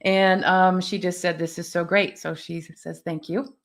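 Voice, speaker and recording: A woman's voice: fairly low pitch, little pitch movement, measured pace. A woman hosting a conversational interview, encouraging her guest with frequent brief affirmations. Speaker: podcast host.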